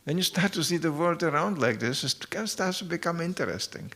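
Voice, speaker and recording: A man with a gravelly, creaky voice lecturing on scripture in a relaxed, conversational way. He keeps it light and humorous, slipping in stories and asides as he goes. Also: fairly high pitch, brisk. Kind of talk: devotional lecture.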